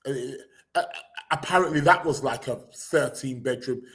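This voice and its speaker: A man's voice: mid-range voice, moderate pace, a bit bright. A man hosting a podcast, reading out the news in a rambling, sarcastic way, with lots of fillers and restarts. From England. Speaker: podcast host. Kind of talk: casual live chat reading news.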